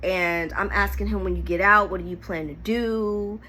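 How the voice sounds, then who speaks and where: A woman with a bright, forceful voice shares a painful personal story to camera. She talks candidly and animatedly, fighting back tears at moments. Her delivery is vivid and heartfelt. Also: medium pitch, normal speed. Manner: emotional, candid, animated retelling. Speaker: storyteller vlogger.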